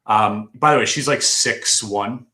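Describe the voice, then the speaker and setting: A man co-hosting a podcast who tells a story with animated energy and acts out the quotes. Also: measured pace. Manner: excitable, acts out quotes with big swings in pitch. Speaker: podcast co-host. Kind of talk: casual chat, animated storytelling. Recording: roomy echo.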